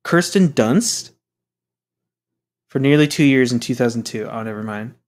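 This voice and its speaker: A young man co-hosting a podcast in casual chat, excitable and gushing, swearing freely. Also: medium pitch, normal speed. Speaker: podcast co-host.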